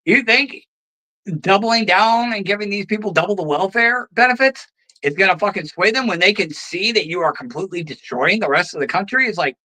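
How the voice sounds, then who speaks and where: A host tears into politics in a bright, cutting voice, swearing freely and throwing out sarcastic rhetorical questions. The delivery is a heated, one-sided rant. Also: medium pitch, a little fast, rough recording. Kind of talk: ranting political commentary.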